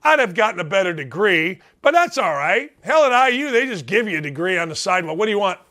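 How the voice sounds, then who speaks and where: A man in his late fifties hosting a sports talk show, ranting bluntly and combatively, hammering his points and breaking into shouts. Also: sits high, sing-song, brisk. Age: 50s. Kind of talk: sports talk radio rant.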